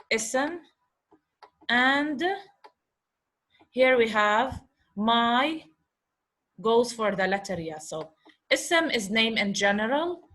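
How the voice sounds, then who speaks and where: A woman teaching a slow online lesson, patiently repeating and sounding out letters over a video call. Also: on the high side, pushed and bright. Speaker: Arabic teacher.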